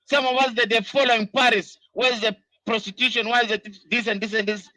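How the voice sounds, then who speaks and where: A man's voice: very high-pitched, fairly even intonation, brisk, bright, forceful tone, dry recording, rough recording. A man from Sudan, delivering an angry, impassioned political monologue full of repeated "you know"s. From South Sudan. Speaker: diaspora political commentator.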